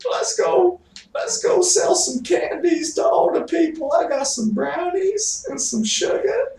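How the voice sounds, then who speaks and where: A man imitating a bawdy old woman in a shouted, shrill falsetto. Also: expressive, a little slow, vocal fry, heavily acted. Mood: rowdy. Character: raunchy shouting granny, elderly woman. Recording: roomy, distant mic, faint noise.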